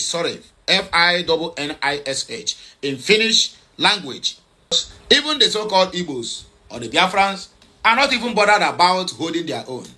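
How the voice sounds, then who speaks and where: A man's voice: on the high side, very animated, moderate pace, pushed and bright. A man commenting on social media posts, hesitant with many fillers and self-corrections, repeating points urgently. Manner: repetitive, urgent. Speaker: online news commentator.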